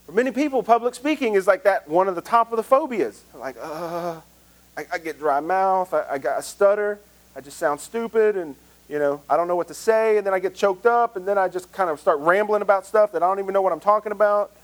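A man's voice: sits high, a little fast, poor audio. A male pastor with a Southern US accent preaching a conversational sermon, earnest and self-deprecating.

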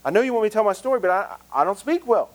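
A man's voice: sits high, expressive, very fast. A man acting out a hesitant biblical prophet who stammers through excuses, within a sermon. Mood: reluctant.

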